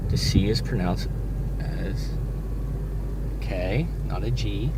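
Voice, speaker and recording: A man's voice: fairly low pitch, slow. A man, a truck driver, chatting casually as he vlogs from the cab while driving, rambling and correcting himself as he goes. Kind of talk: casual driving vlog commentary. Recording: loud road and engine noise. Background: vehicle engine noise.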